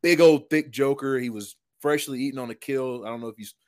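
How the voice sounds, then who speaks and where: A man, a retired football lineman, telling a hunting story in a casual, animated, slangy way, full of "dude" and "man". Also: medium pitch, fast talker.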